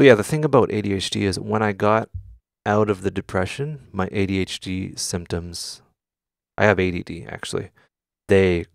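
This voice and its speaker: A man's voice: sits low, gravelly, dry recording. A man hosting a casual live stream from his studio, talking candidly, swearing often and answering questions from chat. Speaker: music producer streamer. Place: home studio.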